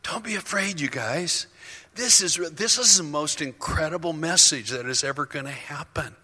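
Pastor, male, bright forceful delivery, impassioned sermon, long hall reverb. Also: a little high, expressive, normal speed. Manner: impassioned, rising to near-shouts.

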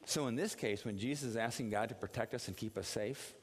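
A man preaching a sermon in an animated, storytelling way, with a middle-pitched voice. His voice carries a long reverb from a large hall. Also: brisk, slightly rough. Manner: animated storytelling with acted quotes, dropping low for prayer. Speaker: pastor.

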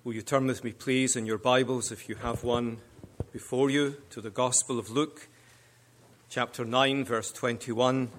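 A male guest preacher delivers a sermon at an unhurried pace. He moves in measured, deliberate phrases and lets each clause land before the next, his voice sitting at an ordinary middle pitch. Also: steady tone, fairly bright tone.

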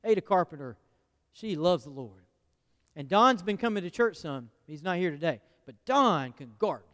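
Folksy preacher in a reverberant church. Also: male voice, high-pitched, lively intonation, normal speed, a bit bright. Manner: folksy, asks the congregation questions. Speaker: pastor. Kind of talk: conversational sermon. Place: church sanctuary. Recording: long church hall reverb.

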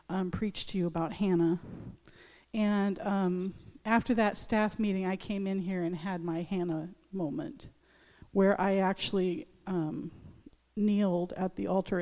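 A woman pastor in her thirties giving a personal testimony in a church service, speaking haltingly with many restarts. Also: medium pitch, warm tone, big-room sound. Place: church sanctuary.

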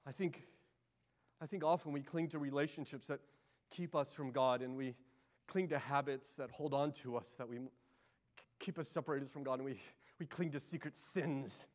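A man preaching a sermon as pastor, moving between loud pleading passages and hushed, intimate ones. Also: medium pitch, normal speed.

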